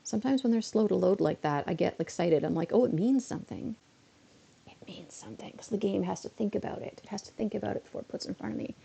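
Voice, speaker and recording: Gravelly, mellow-voiced woman streamer chatting. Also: medium pitch, quick pace, hardly any pauses. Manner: chatty, ranting, exasperated asides. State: a bit unwell. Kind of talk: casual live-stream chat while gaming. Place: at home.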